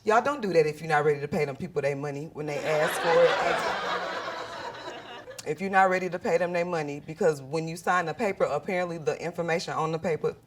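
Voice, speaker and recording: A woman telling a profane stand-up story with animated delivery, shouting out her punchlines. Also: deep voice, background noise. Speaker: stand-up comedian and interviewer.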